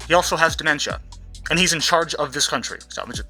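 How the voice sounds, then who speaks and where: A man's voice: a little high, fast, sharp tone, faint music behind. A man hosting a commentary channel, ranting in a rambling, profane way from behind a mask that muffles his voice, often tripping over his words. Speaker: YouTube commentary host.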